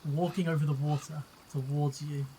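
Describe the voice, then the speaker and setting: A man running a tabletop game, narrating in a measured, descriptive way. His voice sits a little high. A faint layer of noise runs behind him. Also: flat delivery, dark tone, poor audio. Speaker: game master.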